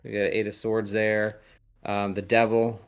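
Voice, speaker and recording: Male podcast host, low-ish voice, meandering and halting, casual chat. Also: level tone, smooth. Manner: rambling, hesitant, lots of ums. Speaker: podcast host reading tarot.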